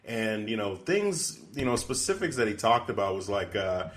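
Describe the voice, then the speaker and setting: Podcast co-host, male, lowish voice, casual and rambling, heavy on fillers. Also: big pitch swings, moderate pace, a little hiss or hum. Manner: rambling, many "you know" fillers. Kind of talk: casual chat.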